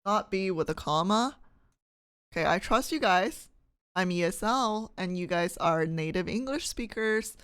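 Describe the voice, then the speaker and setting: A woman's voice: mid-range voice, expressive, measured pace, fairly bright tone, clear, resonant tone, no echo. A woman from Canada streaming live, reading test questions aloud and thinking through them with her viewers, laughing often.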